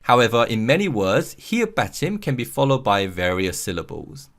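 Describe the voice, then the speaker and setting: A man narrating a scripted language lesson, explaining clearly and repeating example words slowly and carefully. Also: mid-range voice, big pitch swings, fairly bright tone. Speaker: language teacher.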